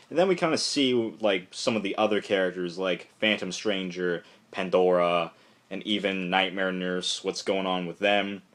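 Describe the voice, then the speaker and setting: A young man casually reviewing a comic book, rambling with many fillers and acting out the characters' lines. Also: sits low.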